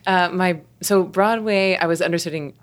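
A woman in her forties telling stories in a casual chat as a guest, animated and laughing often. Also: on the low side, normal speed. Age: 40s. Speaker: guest, meditation teacher.

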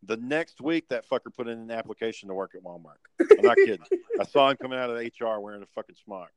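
A man's voice: medium pitch, sing-song, fast talker, no room sound, rough recording. Profane, sardonic man telling work stories. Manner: profane, sardonic storyteller acting out bosses and customers. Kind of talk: casual chat, swapping work stories.

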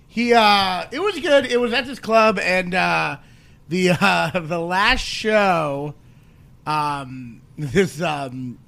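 A man with a high, gravelly voice and plenty of fry tells a rambling story in casual podcast chat. He slips in quoted voices of the people he met. He speaks as a stand-up comedian among friends. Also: slow, fairly bright tone.

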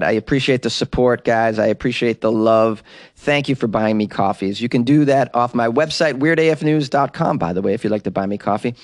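A man's voice: mid-range voice, no echo, studio quality. A man, a comedian, hosting his podcast in a chatty, upbeat, rambling monologue.

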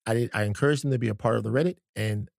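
A man's voice: lowish voice, racing, creaky, a little mellow, no echo, studio quality. A man co-hosting a podcast in casual conversation, talking in a stop-start way with many fillers and restarts. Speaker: podcast co-host.

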